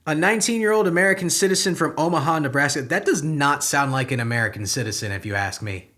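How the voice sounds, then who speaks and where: Pitched a little high and moving at a quick clip, this man's voice sounds pushed and bright. He's a young comedy podcast host who reads the news out loud, then breaks in with sarcastic, exasperated, profane commentary, veering from mutters to sudden outbursts.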